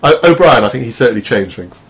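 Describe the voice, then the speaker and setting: Man, quick talker, teasing football podcast host. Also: medium pitch, animated, crowd noise. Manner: joking, teasing. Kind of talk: casual football chat.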